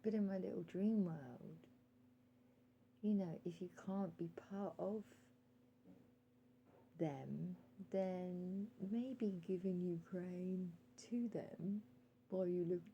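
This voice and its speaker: Earnest, gravelly woman vlogger. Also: lowish voice, slow, muffled recording, a little hiss or hum. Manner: earnest, addresses listener as "sir", hesitant with frequent ums; calls out timer readings while talking. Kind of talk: direct-to-camera monologue.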